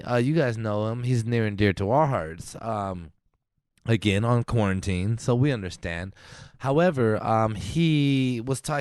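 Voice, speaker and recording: Animated swearing male podcast co-host. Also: mid-range voice, clear, resonant tone, dry recording, clean studio sound. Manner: animated, swearing, laughs often. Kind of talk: casual podcast chat.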